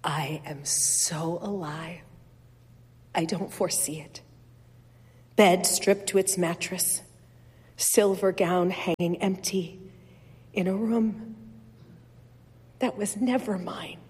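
A woman reading first-person literary fiction aloud in a measured, wistful, softly expressive way. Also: medium pitch, slightly rough, in a large hall. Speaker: reader.

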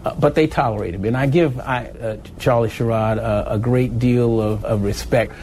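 A man's voice: mid-range voice, moderate pace, a little mellow, a little hiss or hum. An older man from Philadelphia, telling stories in an oral history interview, with frequent restarts and easy laughter. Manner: storytelling, hesitant restarts, laughs easily. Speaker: interviewee, former activist.

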